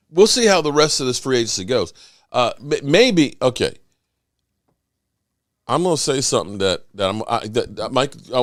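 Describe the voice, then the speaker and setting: A man hosting a casual sports podcast, his voice rising and falling widely as he makes his points. He talks emphatically and often restarts mid-sentence. The sound is dry and close, with little room echo. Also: medium pitch. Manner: animated, emphatic, with frequent restarts.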